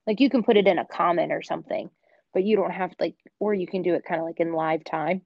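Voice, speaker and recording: A woman's voice: lowish voice, steady tone, quick pace, gravelly, no echo, muffled recording. A woman in casual chat, talking in an opinionated way with lots of fillers. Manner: chatty, opinionated, many "like" fillers.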